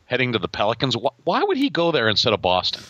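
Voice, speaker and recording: A man's voice: mid-range voice, huge pitch swings, quick pace, bright, forceful tone, dry recording. A man co-hosting a fantasy basketball podcast, opinionated and sarcastic, on a dull lo-fi mic. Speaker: podcast co-host. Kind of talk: casual fantasy sports chat.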